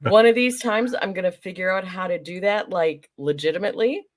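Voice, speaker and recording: A woman's voice: mid-range voice, brisk, no echo. A woman hosting a casual livestream, greeting chat viewers by name and laughing often. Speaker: livestream host. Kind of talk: casual live-stream chat.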